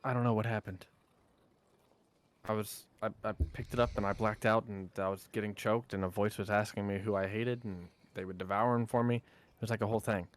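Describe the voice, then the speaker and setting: A man's voice: on the low side, steady tone, brisk. A man playing a character in a tabletop game, talking casually and hesitantly about his moves. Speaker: player.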